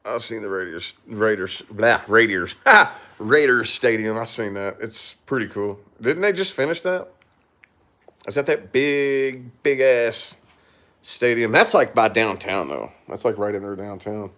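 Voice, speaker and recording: A man's voice: lowish voice, a little slow, sharp tone. Rambling, swearing man chatting casually. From Kentucky. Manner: rambling, swears a lot, laughs often. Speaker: YouTuber chatting with viewers. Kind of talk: casual livestream chat.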